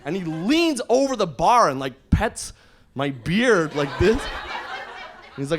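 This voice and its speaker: Guy doing stand-up at a comedy club, high voice all over the place, acts out everyone, faint hiss. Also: takes it slowly. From Canada. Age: 30s. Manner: animated, acts out characters, laughs through lines. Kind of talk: stand-up storytelling. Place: comedy club stage, live audience.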